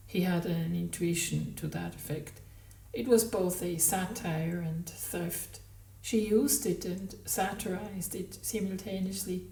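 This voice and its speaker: A woman reading a novel aloud in measured narration, then commenting on it haltingly as a book podcaster. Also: fairly low pitch, vocal fry, darkish tone, far from the mic. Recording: roomy, from the mic.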